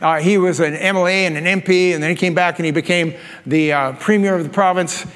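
A man preaching a sermon, telling animated stories and laughing at his own jokes. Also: sits high, brisk. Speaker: pastor. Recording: long reverb of a large hall.

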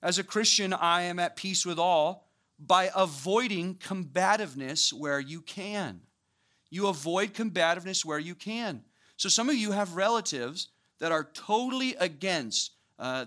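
A young man preaching a sermon to a church audience, talking conversationally and building to animated emphasis. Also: high-pitched. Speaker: pastor.

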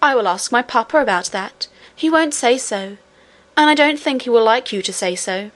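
A woman voicing a calm, stubborn little girl princess who speaks quietly and firmly. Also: fairly high pitch, normal speed. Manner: quiet and composed.

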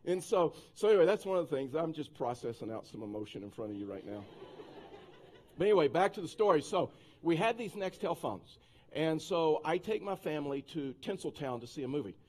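A male pastor preaching a sermon, telling a personal anecdote in a lively, conversational way with many restarts and asides. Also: on the high side, brisk.

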